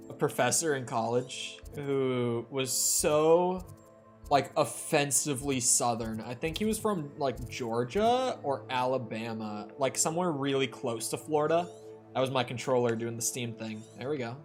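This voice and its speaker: A male streamer from the Upper Midwest chatting as he plays, drifting into loose, storytelling asides. His pitch sits in the middle, and faint game music runs underneath. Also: expressive, unhurried. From Upper Midwest of the United States. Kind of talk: casual chat while playing a video game.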